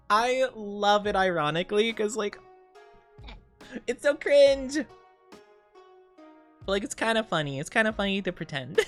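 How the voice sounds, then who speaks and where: Young woman streamer, giggly, rambly, mid-pitched, soft music underneath. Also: lively intonation, unhurried, pauses often. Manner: giggly, rambling, playful with voices. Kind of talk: casual chat.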